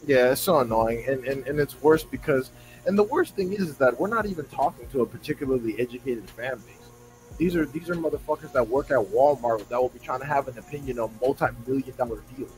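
A man's voice: medium pitch, fast, faint music behind, low-quality recording. A man on a podcast, ranting in a profane, exasperated way and mocking fans in put-on voices. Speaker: podcast co-host. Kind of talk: heated casual podcast rant.

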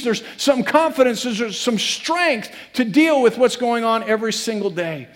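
In a very high-pitched, unhurried voice with few pauses, a pastor delivers a sermon in a church sanctuary. He is earnest, circling back to repeated phrases as he rises to emphatic peaks, and the church hall gives a long reverb.

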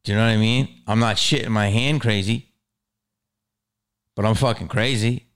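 A man hosting his own podcast, rambling in a casual, profane monologue that swings from mumbles to loud outbursts. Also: on the low side, fairly even intonation, moderate pace, clear, resonant tone, no room sound, clean studio sound. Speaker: podcast host.

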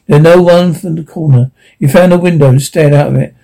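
A man reading a science-fiction story aloud, with a halting delivery that often stumbles and repeats. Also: fairly high pitch, steady tone, gravelly, dark tone, poor audio. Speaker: audiobook narrator. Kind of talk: sci-fi audiobook reading.

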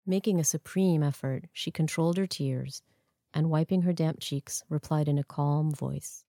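A woman narrating a story in a measured, even storytelling manner. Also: low voice, no room sound. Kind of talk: scripted narration. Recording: dry close studio sound.

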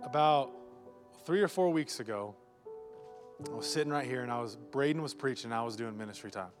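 Guy pastor preaching to his church, jokey, throws questions at the crowd, music soft in the back. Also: medium pitch, fairly quick. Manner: joking, asks rhetorical questions to the congregation. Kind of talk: live sermon. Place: church sanctuary before a congregation.

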